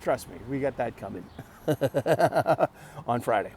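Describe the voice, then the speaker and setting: Guy vlogging at a bus stop, rambly and stop-start, medium-pitched voice, traffic loud behind him. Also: lively intonation. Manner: halting, restarts words, jokey asides. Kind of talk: casual rambling monologue. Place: outdoors at a bus stop by a street. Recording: busy street noise around the mic. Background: passing traffic.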